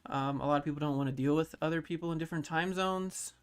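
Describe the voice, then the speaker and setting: A man in his thirties on a casual livestream, reading chat questions aloud and answering them in a low-key, mellow way. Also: fast, clean tone, faint music behind. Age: 30s.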